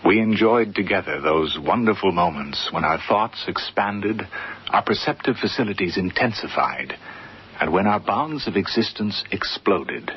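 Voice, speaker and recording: An actor in a radio drama playing a refined gentleman, speaking in a polished, lyrical way. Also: low voice, breathy edge. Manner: polished, lyrical, slightly teasing. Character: refined, reflective young gentleman narrator. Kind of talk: 1950s-style BBC radio drama acting. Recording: dull lo-fi radio recording with faint hiss.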